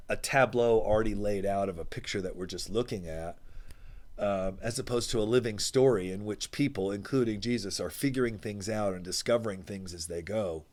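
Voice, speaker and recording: Low-voiced pastor musing aloud. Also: male voice. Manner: casual and musing, with many restarts and voiced quotes. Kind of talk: conversational sermon.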